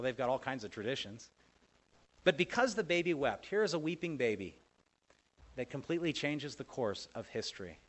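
Male preacher, mid-pitched voice, expressive sermon delivery, loud stresses and soft asides. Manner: conversational, asks the listeners questions. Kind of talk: sermon, Bible teaching.

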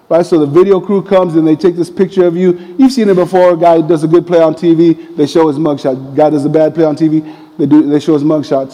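A man preaching a sermon, telling a personal story in a conversational, animated way. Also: on the high side, long reverb tail, poor audio. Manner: conversational, animated retelling with quoted voices.

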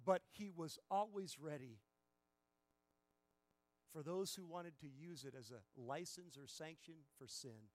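A man preaching a sermon as a pastor, emphatic, swinging from quiet passages to loud, stressed bursts. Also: on the high side, a little slow, pauses often, no echo.

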